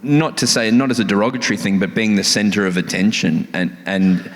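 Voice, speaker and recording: An Australian man hosting an on-stage interview, jokey and halting, full of restarts. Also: lowish voice. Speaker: interviewer host. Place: large town hall ballroom. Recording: long reverb of a large hall.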